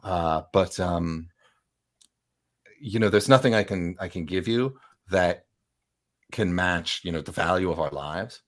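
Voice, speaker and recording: A man voicing a grateful mother who fled with her children, speaking haltingly. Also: low-pitched. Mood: earnest. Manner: hesitant, halting with fillers.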